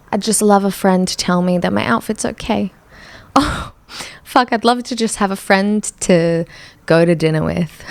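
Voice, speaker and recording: A young woman hosts a solo podcast, her low, gravelly voice full of vocal fry. She tells her story candidly in a chatty, self-mocking tone, recorded dry and close to the mic in a dead room.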